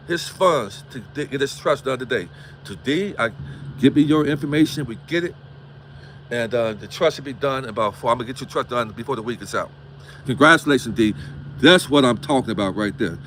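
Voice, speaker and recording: A man's voice: mid-range voice, fairly bright tone, a little hiss or hum. A man from Gary, Indiana, hosting a livestream, preaching with repeated rhetorical questions and swearing. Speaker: livestream host. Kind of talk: impassioned livestream monologue.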